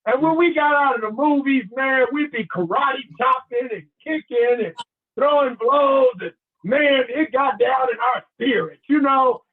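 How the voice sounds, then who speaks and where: A man giving a motivational talk, animated and preacherly, leading his listeners in call and response and telling stories. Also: extremely high pitch. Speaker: motivational speaker. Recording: tinny phone-line sound.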